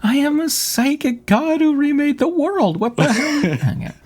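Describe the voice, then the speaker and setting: A man voicing an arrogant male psychic god creature in a put-on Irish accent, booming and grandiose. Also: sing-song, unhurried, a little mellow, exaggerated voice.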